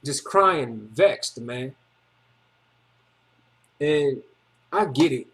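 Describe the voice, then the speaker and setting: Man, husky, slangy and repetitive; emotional personal testimony, loose rambling delivery. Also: medium pitch, animated, very slow, a bit bright. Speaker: testimony speaker.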